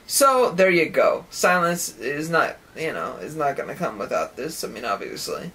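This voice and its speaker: A man's voice: fairly high pitch, big pitch swings, moderate pace, hardly any pauses, fairly bright tone, husky. A man giving a rambling solo monologue on his own podcast, now and then acting out imagined voices with sound effects. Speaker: podcast host.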